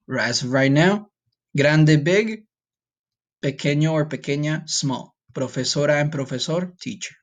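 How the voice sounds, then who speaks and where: A man talks through a recorded vocabulary lesson in a patient teacher's way. He breaks each word down, asks students to repeat after him and keeps checking in with "okay?" His pitch sits in an ordinary middle range. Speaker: Spanish teacher.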